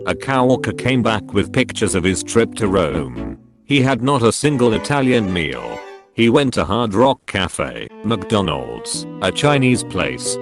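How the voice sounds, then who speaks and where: A computer-generated male voice reading short forum posts aloud one after another, in an evenly paced synthetic delivery. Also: fairly low pitch. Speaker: text-to-speech narrator. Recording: clear music bed behind the voice. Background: background music.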